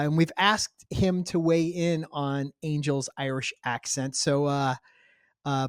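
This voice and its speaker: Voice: mid-range voice, no echo. A podcast co-host speaks in an upbeat, casual way while introducing segments. The voice sits mid-range and is recorded dry and close. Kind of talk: casual chat.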